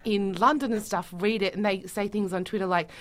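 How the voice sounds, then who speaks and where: A woman talking as a theatre-maker guest in a radio studio, animated and acting out quoted voices. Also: mid-range voice, a little fast. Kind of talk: casual interview chat.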